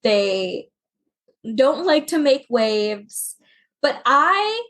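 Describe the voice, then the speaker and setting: A woman from Florida chatting on a podcast, laughing often as she tells stories with quick asides. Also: high voice, sing-song, fairly bright tone. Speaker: podcast guest. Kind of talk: casual chat.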